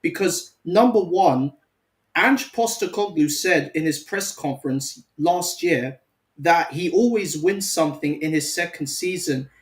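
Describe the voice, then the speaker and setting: A man's voice: a little high, unhurried, low-quality recording. A man speaking as a guest on a fan stream, delivering a teasing, contrarian rant in casual chat.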